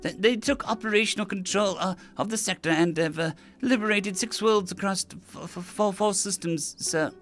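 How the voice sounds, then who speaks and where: A man's voice: sits high, moderate pace, hardly any pauses, fairly bright tone, pitched above the performer's own voice. A man voicing a nervous alien male ensign who stutters and repeats his words in a storybook reading. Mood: nervous, stammering.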